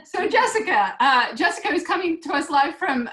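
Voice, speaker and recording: American lady hosting a video call class, chatty, lots of ums, higher voice, roomy echo. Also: big pitch swings, normal speed, fairly bright tone. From United States. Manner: chatty, friendly, lots of fillers. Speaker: host. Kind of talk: online class interview. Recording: echoey room.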